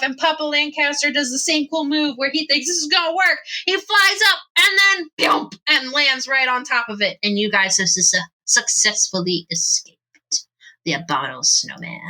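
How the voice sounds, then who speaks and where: Bright-voiced woman game master. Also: high voice, normal speed, rough recording. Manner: animated, laughing often. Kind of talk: narrating a tabletop game.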